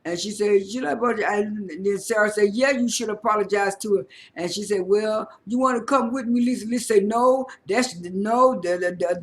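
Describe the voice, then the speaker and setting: A man casually recapping a reality show episode, talking in a halting way with many fillers and repeated words. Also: sits high.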